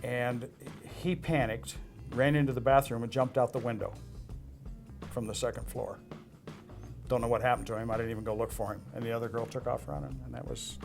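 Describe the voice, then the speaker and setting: A gravelly-voiced older man from Las Vegas, once a casino dealer, recounts stories in an interview. He rambles and pauses on his uhs, with faint music playing underneath. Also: medium pitch, fairly even intonation. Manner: rambling anecdotes with filler uhs. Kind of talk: storytelling interview.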